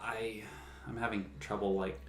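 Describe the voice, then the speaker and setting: A man's voice: fairly low pitch, flat delivery, normal speed, a little hiss or hum. A man co-hosting a podcast in casual chat, rambling with many fillers and laughing easily. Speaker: podcast co-host. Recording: roomy echo.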